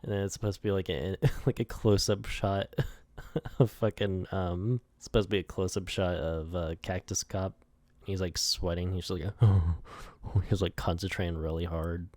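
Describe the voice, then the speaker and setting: Low-voiced young man rambling and laughing. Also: steady tone, normal speed, a little mellow, dry recording. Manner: rambling and laughing often, swearing, heavy use of "like". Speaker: animator walking through his storyboards. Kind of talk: casual storyboard commentary.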